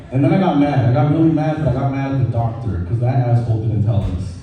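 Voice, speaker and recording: A man's voice: medium pitch, fast, few pauses, dull audio. A man doing a casual, swearing stand-up comedy set on stage at a brewery, with a dry mouth. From Mexican heritage. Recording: echoey room from far off.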